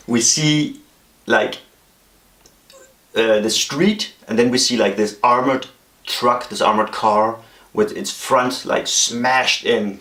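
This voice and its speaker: Casual male vlogger, low-pitched, loose and rambling delivery with constant fillers, echoey room. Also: a bit bright. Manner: rambling, many fillers and restarts. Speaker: vlogger pitching a movie idea. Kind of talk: casual spoken movie pitch.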